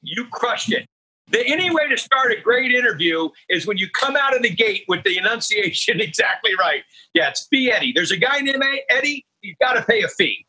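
A man's voice: very high-pitched, expressive, pushed and bright, rough recording. A man chatting as a guest chef, telling stories exuberantly over a remote call. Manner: exuberant, rapid storytelling. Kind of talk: casual chat.

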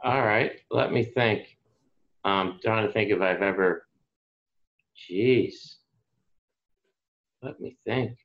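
A man's voice: on the low side, slow pace, long pauses. A man from Atlantic Canada, a guest on a podcast, telling a casual story and acting out the people in it. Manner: energetic, acts out quoted voices. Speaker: sports broadcaster, podcast guest. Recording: slightly dull lo-fi audio.

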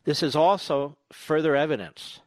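A male talk radio host delivering a combative, sarcastic political monologue full of rapid-fire rhetorical questions. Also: on the high side, dry recording, clean studio sound.

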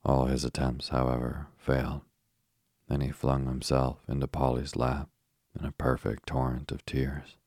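A man reading a children's story aloud as a bedtime narration, slow, soft and steady, with a husky voice. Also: rumbling low, no room sound, clean studio sound.

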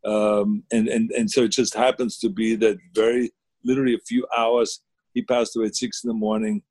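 A man's voice: lowish voice, flat delivery, a little fast, darkish tone, slightly rough, dry recording. A man, chatting casually as a guest on a video call, rambling with many fillers and restarts. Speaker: guest, former governor.

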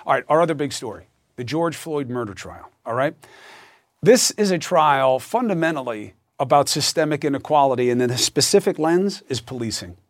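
A man's voice: mid-range voice, lively intonation, moderate pace, dry recording. A man hosting a news show, introducing stories and guests in an emphatic, conversational way. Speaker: host. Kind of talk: news commentary and interview.

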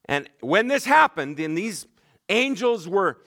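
Fervent preacher man, loud to hushed. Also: sing-song, takes it slowly, no room sound, clean studio sound. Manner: dramatic swings from loud emphatic to hushed low delivery; repeats words and restarts, conversational asides. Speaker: pastor. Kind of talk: sermon.

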